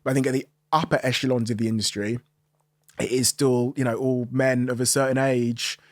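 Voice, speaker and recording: A man from Kent, guesting on an interview about the music industry. He speaks in a measured, thoughtful and emphatic way. His voice sounds dry and close, with no room around it. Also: medium pitch, level tone, no echo. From Tunbridge Wells, Kent, England. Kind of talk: conversational interview answers.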